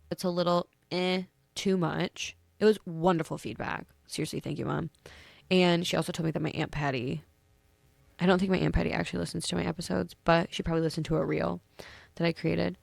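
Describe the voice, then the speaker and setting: A young woman hosts her own podcast in a casual, rambling way, correcting herself as she goes. She sounds sleepy and yawns, her lowish voice full of vocal fry. The recording is close and dry. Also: fairly even intonation, a little fast, dry recording. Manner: chatty, affectionate, rambling with self-corrections. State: sleepy, yawning. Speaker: podcast host. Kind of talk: casual solo podcast talk.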